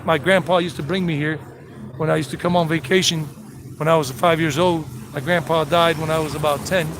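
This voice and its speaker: A man giving a casual walking tour on a live stream, chatty and full of joking asides, outdoors in town streets. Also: a little high. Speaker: travel vlogger. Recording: noisy street with traffic. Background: street noise and vehicles.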